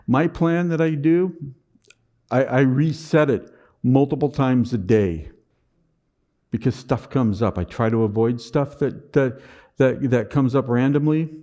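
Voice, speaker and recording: A man with a warm, mid-range voice takes his time and pauses often during a motivational talk on a conference stage. Dry and sarcastic in his humor, he frequently repeats words as a sentence begins.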